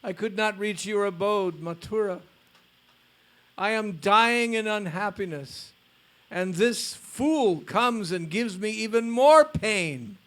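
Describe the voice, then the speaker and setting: A man voicing an aged male guru who cries out in grief and rage, speaking louder and higher than his reading voice. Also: big pitch swings, slow, few pauses, slightly rough, heavily acted. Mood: lamenting. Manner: crying out, lamenting, louder and higher.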